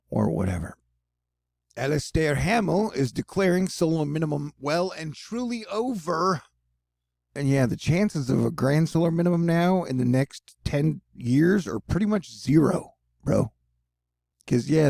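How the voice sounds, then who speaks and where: A man with a gravelly, husky voice talks through casual commentary from a small, dry room. His delivery is laid-back and jokey, full of slangy asides. The tone stays mellow and relaxed throughout. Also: medium pitch, dry recording. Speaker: solo news video host. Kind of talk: casual talking-head commentary.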